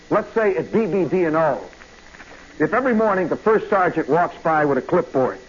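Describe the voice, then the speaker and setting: A male radio storyteller with a high, bright-sounding voice rambles through an animated tale. He keeps tossing in asides and "you know"s. The sound is a muffled old radio broadcast with a faint hiss. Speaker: radio host.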